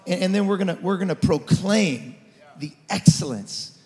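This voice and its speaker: A man in his forties preaching a sermon as lead pastor, passionate, swinging from shouted declarations to quiet storytelling. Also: high-pitched, lively intonation, moderate pace. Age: 40s. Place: church auditorium. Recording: church hall reverb.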